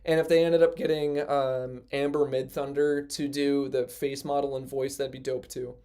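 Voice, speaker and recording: A man's voice: medium pitch, level tone, moderate pace, dark tone, clean tone. A man hosting a casual livestream, rambling with lots of fillers and joking at his own expense. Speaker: livestream host.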